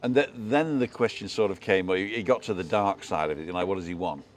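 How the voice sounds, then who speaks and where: Guy, lowish voice, rambling chatty storyteller, faint hiss behind him. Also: fast. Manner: rambling anecdotes, checks in with tag questions. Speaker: co-host of a live show. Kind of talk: casual storytelling chat.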